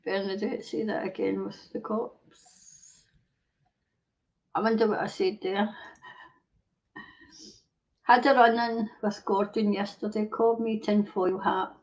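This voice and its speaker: A woman's voice: medium pitch, steady tone, slow pace, long pauses. A woman hosting a live stream, ranting bluntly and swearing heavily while reading viewer comments. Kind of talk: casual ranting chat. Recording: dull lo-fi stream audio.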